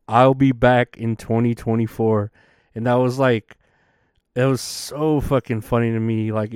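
A male podcast host rambles through a casual monologue, swearing freely and leaning on fillers. His voice is smooth and clear. The sound is dry and close. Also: medium pitch, darkish tone, no room sound. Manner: profane, rambling, with many fillers.

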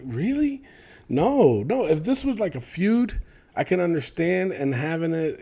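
A man hosting a solo wrestling podcast, opinionated and animated, with lots of fillers and some swearing. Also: fairly high pitch. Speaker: podcast host.

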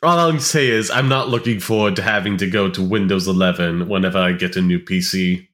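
A man's voice: low-pitched, brisk, a bit bright. A man co-hosting a casual tech podcast, laid-back, mostly reacting with short remarks. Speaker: podcast co-host.

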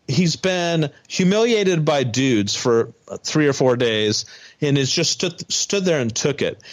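A man with a fairly high voice, telling the story with lively energy. He co-hosts a casual podcast and acts out what people said as he goes. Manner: animated storytelling, acts out quotes. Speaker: podcast co-host.

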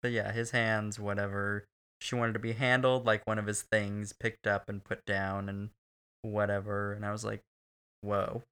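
A man's voice: fairly low pitch, flat delivery, normal speed, bright, forceful tone, clean tone. A young man co-hosting a casual movie review chat, crude and sarcastic, laughing often. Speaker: podcast co-host.

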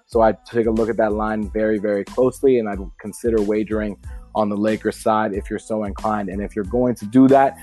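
Man, sports podcast host, low voice, casual and emphatic, swears freely, faint music bed. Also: fairly even intonation, fairly quick, mellow. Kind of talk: solo sports podcast with ad read.

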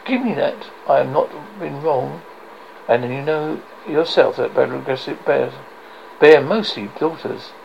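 A man's voice: mid-range voice, lively intonation, measured pace, gravelly, highs cut off, a little hiss or hum. A man voicing a bitter, sneering male advisor in a novel reading, sly in tone.

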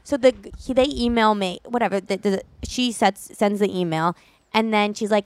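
A young woman co-hosting a podcast, telling a story in a casual, animated way and acting out other people's lines. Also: mid-range voice, moderate pace, smooth, no echo. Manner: animated storyteller, acts out her mother's voice. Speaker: podcast co-host. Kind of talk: casual chat.

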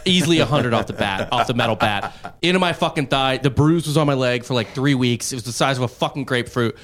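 A man co-hosting a podcast, telling stories with lots of swearing and acting out the people in them. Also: medium pitch. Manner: animated storyteller, swears, acts out voices. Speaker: podcast co-host. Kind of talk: casual storytelling banter.

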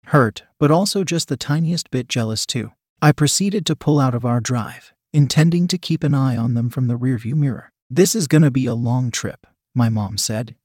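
Young guy reading out a story, steady plain voice, dry close mic, no room sound. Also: medium pitch, no room sound. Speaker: narrator. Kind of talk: first-person story reading.

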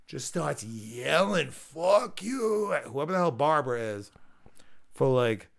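Gravelly-voiced man telling a profane story. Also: mid-range voice, expressive, unhurried. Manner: profane, rambling anecdote with quoted dialogue. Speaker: podcast host. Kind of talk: casual storytelling.

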